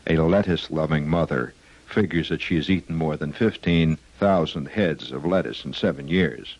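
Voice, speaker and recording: A man hosting a rambling, whimsical comic radio monologue. He hesitates often with "uh" and breaks into squeaky silly voices. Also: moderate pace, a little mellow, slightly rough, no echo, lo-fi sound. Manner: whimsical, digressive, full of "uh" and sudden squeaky voices. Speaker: radio host. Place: radio studio.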